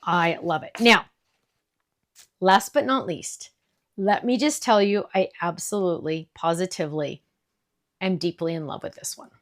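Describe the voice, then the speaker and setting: A woman's voice: fairly low pitch, measured pace, long pauses. A middle-aged woman hosting a craft product demo, gushing and enthusiastic as she shows off new items. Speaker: craft shop host.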